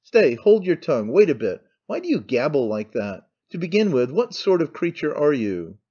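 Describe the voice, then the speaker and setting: A man reading an audiobook, voicing a domineering aging noblewoman who scolds and commands in sharp outbursts. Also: a little high, sing-song, moderate pace, breathy edge, highs cut off. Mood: stern.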